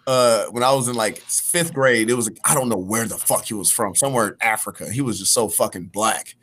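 A man's voice: fairly low pitch, fairly quick, fairly bright tone. A man telling casual stories as a podcast guest, laughing as he goes. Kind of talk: casual storytelling.

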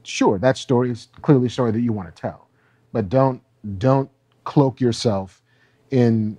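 A man co-hosting a podcast, talking through entertainment news in a relaxed, conversational way. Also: lowish voice, dry recording. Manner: relaxed, conversational, fond of reading quotes aloud. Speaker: podcast co-host. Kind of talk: casual entertainment news chat.

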